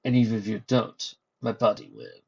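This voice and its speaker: A man voicing a cold, evil mirror reflection in a low murmur, with a husky tone on a dull lo-fi recording. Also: fairly even intonation, normal speed.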